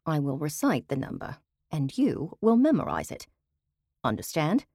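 A woman's voice: low-pitched, huge pitch swings, moderate pace, a little mellow, husky, no room sound, studio quality, heavily acted. Woman voicing a haughty, grand society dame. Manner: imperious, theatrical. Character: haughty wealthy dame with put-on British airs. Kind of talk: audiobook character voice.

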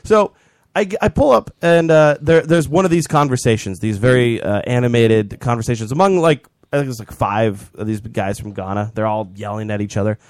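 A man's voice: medium pitch, a little fast, no room sound. A young man co-hosting a podcast, casually rambling through a story with lots of animation. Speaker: podcast co-host. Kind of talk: casual chat.

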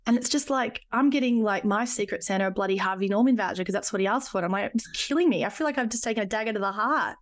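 A woman's voice: mid-range voice, racing, few pauses. A woman, co-hosting a podcast, blunt and emphatic, swearing casually in chat. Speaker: podcast co-host.

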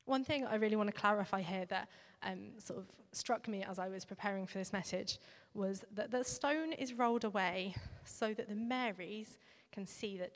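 A woman giving a sermon in a reflective, conversational way, now and then pausing with fillers. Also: medium pitch. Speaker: preacher. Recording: long reverb of a large hall.

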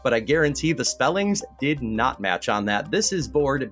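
Brief: male game host, animated and teasing, wide swings in pitch, light music bed. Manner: animated, teasing, rapid bursts of scorekeeping. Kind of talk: hosting a word game podcast.

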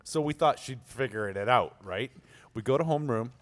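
A middle-aged man from Canada hosting a podcast, telling a high school story in a casual chat and laughing his way through it. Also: lively intonation, normal speed. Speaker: podcast host.

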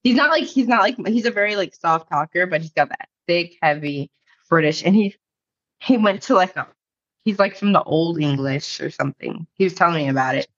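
American woman rambling on, says like constantly, lowish voice, kinda muffled lo-fi audio. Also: expressive, a little fast. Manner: rambling, fills speech with "like", laughs easily. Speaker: podcast co-host. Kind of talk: casual chat. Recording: dull lo-fi sound.

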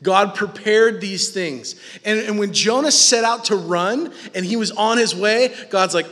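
High-voiced pastor preaching in a reverberant hall. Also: male voice, unhurried, hardly any pauses. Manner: animated, casual, acts out quoted voices. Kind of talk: sermon. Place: church hall with live audience.

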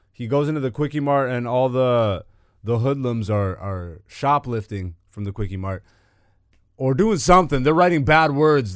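A young man hosts his own comedy podcast in a hyped, swaggering voice, swearing freely as he rambles through stories. His pitch sits at an ordinary middle height for a man. The sound is dry and close, with no room around it. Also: dry recording. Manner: hyped, swaggering, profane storytelling. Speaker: podcast host and stand-up comedian. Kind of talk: casual solo podcast chat.

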